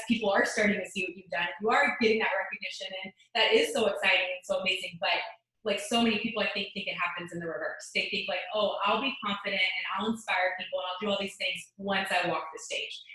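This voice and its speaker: Woman, late 20s, quick and bright, motivational speaker on a video call, very echoey room. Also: medium pitch. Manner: fast, earnest, many "like" fillers. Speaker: guest speaker.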